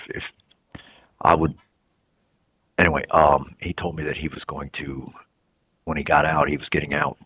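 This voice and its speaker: A man giving reflective interview answers in a halting, soft-spoken way with many restarts. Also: extremely low pitch, slightly rough, no echo. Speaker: incarcerated interviewee. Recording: dull lo-fi recording.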